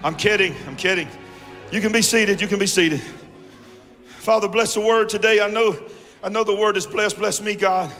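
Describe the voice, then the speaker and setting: A man preaching a fiery sermon as a guest preacher, shouting with call-and-response to the congregation. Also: high-pitched, fairly even intonation, normal speed, pauses often. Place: large church hall. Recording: long church reverb with music.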